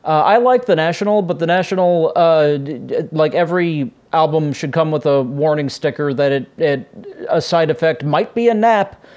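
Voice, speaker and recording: A man's voice: fairly high pitch, moderate pace, few pauses, darkish tone, highs cut off. A man hosting a casual solo podcast, rambling and correcting himself with many filler sounds. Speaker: podcast host.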